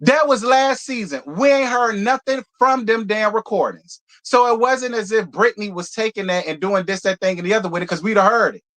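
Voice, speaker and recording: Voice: medium pitch, fairly quick, few pauses, a bit bright. A reality TV reviewer hosting a live show review, ranting in a blunt, profane, heated way and hammering points home by repeating them. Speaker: reality TV reviewer, channel host.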